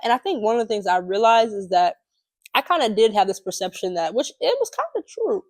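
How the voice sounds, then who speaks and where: A woman's voice: a little high, brisk. A young woman co-hosting a podcast, telling a personal story in a loose, chatty way, with lots of fillers and frequent laughter. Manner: chatty, animated, laughs often, many fillers. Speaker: podcast co-host. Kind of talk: casual storytelling chat.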